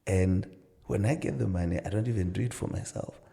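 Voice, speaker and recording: A middle-aged man talks through marriage advice in a relaxed podcast conversation. His voice sits low with a heavy gravelly fry and a dark, mellow tone. He tells stories earnestly and acts out both sides of the dialogue. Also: a little fast. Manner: earnest storytelling with many "you know" asides, acting out dialogue. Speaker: marriage counsellor and pastor, podcast guest. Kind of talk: casual advice-giving conversation.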